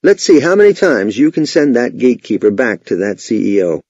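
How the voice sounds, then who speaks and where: A man's voice: mid-range voice, very animated, a little fast, few pauses, darkish tone, husky, no room sound. A man teaching sales techniques in scripted instructional narration, with an emphatic, authoritative delivery. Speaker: sales trainer. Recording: dull, lo-fi, dry voice-over.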